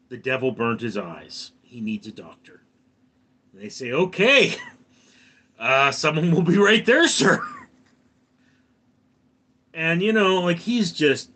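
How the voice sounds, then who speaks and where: Bright-voiced man telling a livestream story. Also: medium pitch. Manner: chatty, reads out chat comments between anecdotes. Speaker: livestream host.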